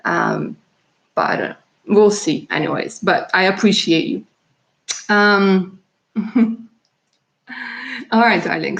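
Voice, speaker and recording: A woman from Russia doing live-stream tarot readings, chatty and warm in her words, laughing often and calling viewers darling. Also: medium pitch, sing-song, slow, gravelly, long pauses. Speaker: tarot reader.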